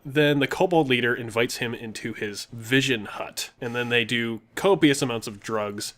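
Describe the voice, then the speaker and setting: A man's voice: mid-range voice, moderate pace. Laughing man retelling a tabletop game. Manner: laughs often, animated retelling. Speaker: co-host of a gaming channel. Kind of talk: casual storytelling of a tabletop game.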